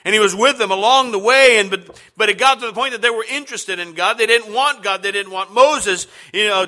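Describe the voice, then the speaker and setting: A man preaching a sermon to a congregation, halting and repeating words, with many fillers, asking the listeners questions. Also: high-pitched, sharp tone. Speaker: pastor. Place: church sanctuary with congregation.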